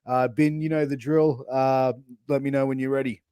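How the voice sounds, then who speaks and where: A man's voice: mid-range voice, flat delivery, moderate pace, warm tone, smooth, no room sound, studio quality. A man hosting a podcast, laid-back and agreeable as he runs a quiz segment. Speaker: podcast host.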